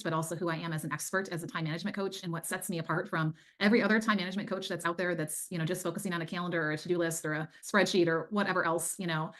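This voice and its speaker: A middle-aged woman talks very quickly as a guest in a casual interview. She speaks in a low-pitched voice. She tells her story earnestly, full of faith. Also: fairly bright tone. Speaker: guest, time management coach.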